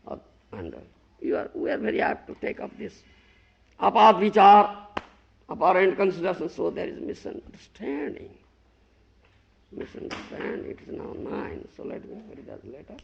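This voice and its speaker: A man preaches with a strongly gravelly, husky voice, jumping from loud emphatic bursts to near-murmurs. His pitch sits high and leaps wildly. The sound is a muffled, lo-fi old lecture tape. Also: very animated, moderate pace, a little hiss or hum. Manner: emphatic, swings from loud scolding to low murmur, repeats "You understand?". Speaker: guru giving a scripture lecture. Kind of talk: sermon. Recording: dull lo-fi 1990 lecture tape.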